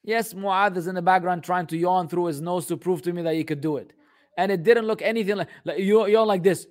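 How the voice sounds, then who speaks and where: A man with a high voice talks briskly as he hosts a casual live Q&A, answering viewer questions. He's blunt and exasperated, cracks jokes, and slips Arabic phrases into what he says.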